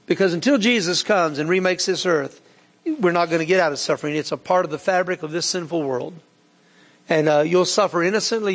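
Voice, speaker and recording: Folksy preacher, high, reverberant. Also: male voice. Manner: folksy, earnest delivery with frequent fillers. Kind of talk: sermon. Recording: long hall reverb.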